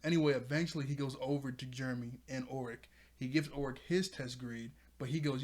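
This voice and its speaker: A man's voice: mid-range voice, quick pace, few pauses. A man reviewing a cartoon episode in a casual, rambling video chat, laughing often as he talks.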